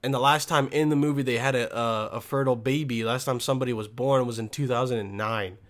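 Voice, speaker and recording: A young man riffs through a casual comic monologue, swearing freely and drifting from one tangent to the next. His voice sits at an ordinary middle pitch. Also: steady tone, quick pace, fairly bright tone. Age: young adult. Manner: profane, joking, rambling. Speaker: student.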